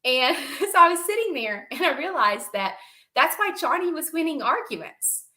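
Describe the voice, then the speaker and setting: Lively young woman chatting as a podcast guest, bright voice, keeps laughing through her stories. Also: high voice, moderate pace. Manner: animated, laughs often mid-sentence. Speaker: podcast guest, reptile breeder. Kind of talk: casual storytelling chat.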